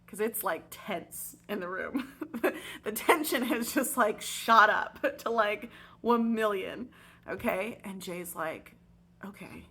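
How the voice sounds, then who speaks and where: A young woman, a teacher, spins a story for her vlog in a loose, chatty way, full of fillers and asides. Her voice is soft and airy, with a slight husk, and sits at an ordinary middle pitch. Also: slow, breathy edge.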